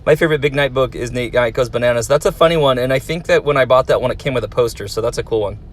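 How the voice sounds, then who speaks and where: A man's voice: mid-range voice, very fast. A man who teaches, reading viewer comments aloud and answering them in a friendly, encouraging way for young fans. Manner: friendly, encouraging, talks to kids.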